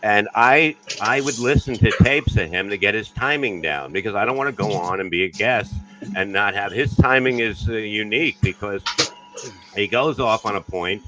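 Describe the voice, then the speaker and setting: A man's voice: on the low side, normal speed, background noise. A man, a comedian guest, talking bluntly and profanely in a casual podcast chat.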